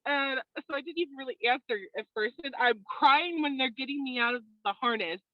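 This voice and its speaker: A woman's voice: sits high, fairly quick, dry recording, dull audio. Woman telling a story on a video call. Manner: animated storyteller, laughs often. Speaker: interview guest. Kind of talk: casual video call chat.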